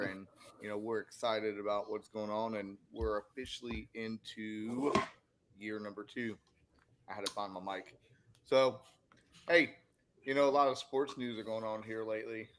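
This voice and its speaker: A man co-hosting a sports podcast, chatting casually and rambling with many fillers and restarts. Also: lowish voice. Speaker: podcast co-host.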